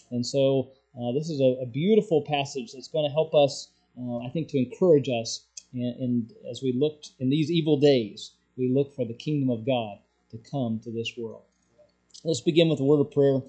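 A middle-aged man preaching a sermon as pastor, in a halting, conversational way with frequent fillers and restarts. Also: fairly high pitch, darkish tone.

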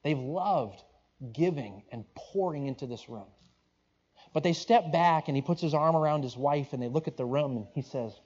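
A man's voice: on the high side, lively intonation, normal speed, darkish tone. A man preaching, telling a story in a conversational, rambling way with restarts and asides. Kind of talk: sermon storytelling. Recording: dull lo-fi recording.

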